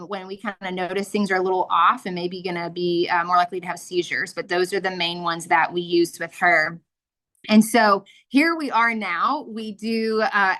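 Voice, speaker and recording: A woman's voice: medium pitch, a bit bright. A woman in her thirties giving an earnest, emotional personal testimony as a mother, with frequent fillers. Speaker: guest sharing a testimony.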